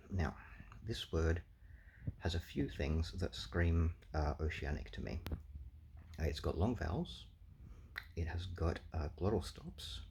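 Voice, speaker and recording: A man's voice: a bass voice, gravelly, a little mellow, a little hiss or hum. A man thinking aloud through a language guessing game, explaining sounds with many ums and uhs. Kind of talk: casual explanatory commentary.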